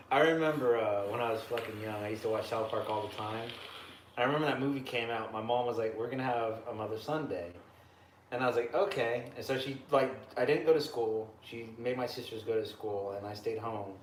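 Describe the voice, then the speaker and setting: A man's voice: mid-range voice, a little fast. A man chatting casually as a podcast co-host, swearing freely and telling stories with animation. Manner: profane, animated storyteller. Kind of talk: casual chat. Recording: echoey room with faint noise.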